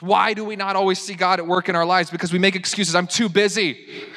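Animated young preacher in a reverberant hall. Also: male voice, sits high, fast talker. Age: young adult. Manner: animated, acts out excuses in mock voices. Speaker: pastor. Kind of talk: sermon.

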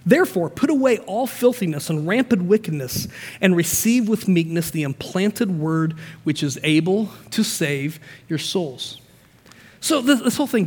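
A man preaching a sermon as pastor, energetic and conversational, with asides and frequent restarts. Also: high-pitched, normal speed. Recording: long hall reverb.

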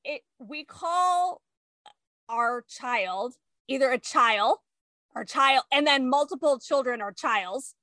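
A woman in casual chat, telling family stories in an animated way and acting out quotes. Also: high voice, takes it slowly, dry recording. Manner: animated storyteller, acts out quotes.

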